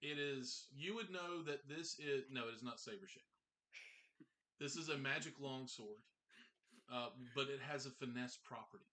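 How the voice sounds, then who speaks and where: A man's voice: mid-range voice, moderate pace, bright, forceful tone. A man running a tabletop game as game master over a video call, often restarting and repeating words as he narrates.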